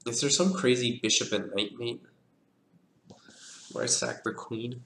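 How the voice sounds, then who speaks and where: A man talks slowly through chess lines, half to himself, and his voice has a gravelly, creaky edge. He mutters each move, pokes fun at his own play, and coughs now and then. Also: medium pitch, fairly bright tone, slight background noise. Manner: slow, muttering, self-deprecating. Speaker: chess streamer analyzing a position. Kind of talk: thinking aloud while calculating moves.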